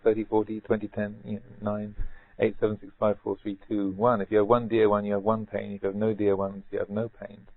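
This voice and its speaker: Low-voiced monk giving a rambling Dharma talk. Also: male voice, monotone, a little fast, hardly any pauses. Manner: rambling, repeats words, gently humorous. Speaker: Buddhist monk teacher. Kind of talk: retreat Dharma talk, anecdotal. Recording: tinny phone-like band.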